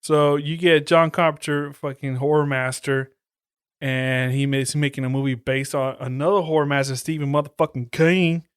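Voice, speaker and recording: A man's voice: a little high, level tone, moderate pace, clear, resonant tone, no echo, studio quality. A man hosting a podcast, reviewing horror movies in casual, profane, slang-filled chat. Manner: profane, slangy, laid-back. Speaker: podcast host.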